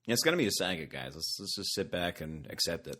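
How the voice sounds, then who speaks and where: A man co-hosting a podcast in casual chat, joking around and dropping into quick impressions. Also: low-pitched, expressive, sharp tone. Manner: chatty, quick to joke and do impressions. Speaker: podcast co-host.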